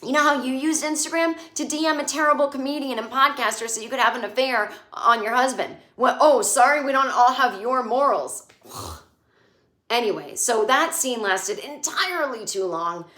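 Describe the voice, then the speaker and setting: A woman host giving a sarcastic, animated recap of a TV episode, mocking the characters as she talks. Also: high-pitched, moderate pace, echoey room. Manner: snarky, animated, quotes characters in mocking voices. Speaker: podcast host.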